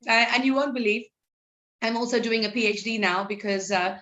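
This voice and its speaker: A woman's voice: a little high, a little fast, sharp tone. A middle-aged woman counselor talking openly and chattily in an interview, laughing easily. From India. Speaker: psychology counselor. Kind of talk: interview conversation.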